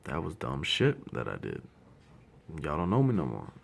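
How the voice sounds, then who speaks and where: Deep gravelly man, blunt and profane. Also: wildly swooping pitch, moderate pace. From Ohio. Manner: blunt, profane, heartfelt storytelling. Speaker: grieving older brother. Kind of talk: personal tribute monologue.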